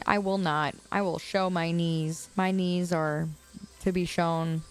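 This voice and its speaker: A young woman from the Chicago area livestreams from a quiet suburban curb outdoors, chatting casually with viewers, laughing often, and answering comments. Her deep voice is clean and steady, and she takes things slowly.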